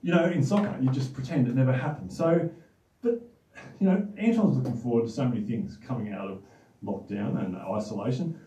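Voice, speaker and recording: A man's voice: medium pitch, brisk, warm tone. Easygoing Australian man teaching the Bible. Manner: easygoing, rambling, restarts often. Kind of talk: casual children's Bible talk. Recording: roomy echo, distant mic.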